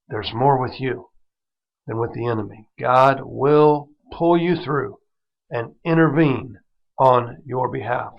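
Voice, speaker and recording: A man's voice: mid-range voice, vocal fry, dull audio. A man teaching a devotional Bible study as the program's host, retelling scripture in plain everyday words and turning it into encouragement for his listeners. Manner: encouraging, prays over listeners.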